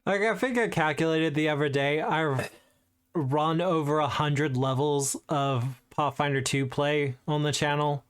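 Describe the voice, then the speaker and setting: A man's voice: fairly high pitch, a little slow, clear, resonant tone. A man acting as game master, chatting casually in an easygoing, teasing way. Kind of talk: casual chat.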